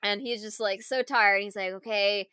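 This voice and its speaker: A woman co-hosting a casual chat, retelling a film scene in an animated way, full of fillers and frequent laughter. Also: medium pitch, moderate pace, smooth, no echo.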